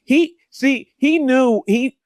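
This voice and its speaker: A man's voice: extremely high pitch, slow, no echo, clean studio sound. A man co-hosting a podcast in casual chat, talking animatedly and enthusiastically with frequent restarts. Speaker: podcast co-host.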